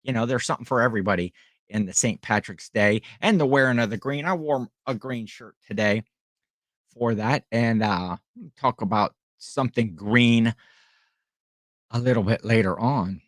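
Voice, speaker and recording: A man's voice: mid-range voice, moderate pace, no room sound. Dry-sounding man chatting on a livestream. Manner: rambling, friendly, chatty with viewers. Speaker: livestream host and online reseller. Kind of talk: casual livestream chat.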